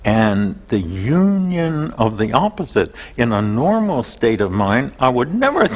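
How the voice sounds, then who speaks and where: A man speaks as an interview guest, unhurried and reflective, his low voice rising and falling with strong expression. The recording carries a long, lingering hall reverb. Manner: slow, thoughtful, expressive. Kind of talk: reflective personal storytelling.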